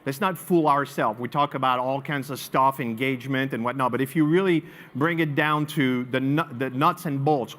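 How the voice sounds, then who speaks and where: French-accented male speaker, slightly high voice, lively and emphatic presenter. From France. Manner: animated storyteller, swinging between loud emphasis and quiet asides. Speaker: marketing speaker. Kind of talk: live presentation to an audience.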